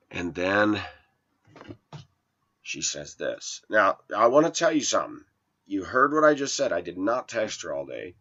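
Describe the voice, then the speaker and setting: Deep-voiced man venting a dating story. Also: sing-song, measured pace, long pauses, bright, forceful tone, highs cut off. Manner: aggrieved, retells texts and calls in quotes. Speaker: video blogger. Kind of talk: personal storytelling monologue.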